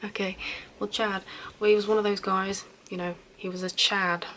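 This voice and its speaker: A young woman talks in a hushed, whispered role-play, gently fussing over a friend. Her voice sits at a middle pitch and stays chatty and reassuring. A clear background hiss runs under the recording. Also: flat delivery, normal speed, poor audio. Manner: soft, chatty and reassuring, with giggles. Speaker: ASMR host playing a caring best friend.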